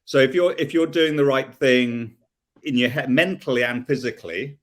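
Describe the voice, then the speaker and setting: A man's voice: medium pitch, moderate pace, fairly bright tone. A man hosting a casual chat who rambles through long, searching questions to his guest. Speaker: podcast host.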